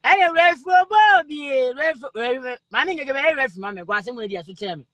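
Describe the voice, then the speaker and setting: A man with a Ghanaian accent hosts a live-stream chat, excitably calling out viewers' names and comments and breaking into laughter. His voice sits very high and sounds bright and forceful. The sound is close and dry. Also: quick pace, no room sound. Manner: excitable, laughs often, calls out names repeatedly. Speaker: livestream host reading viewer comments.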